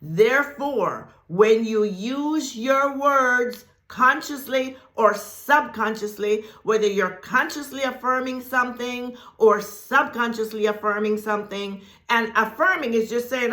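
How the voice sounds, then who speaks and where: A woman giving a spiritual talk as host of her channel, speaking deliberately, repeating phrases for emphasis and laughing often. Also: fairly high pitch, pushed and bright. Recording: echoey room.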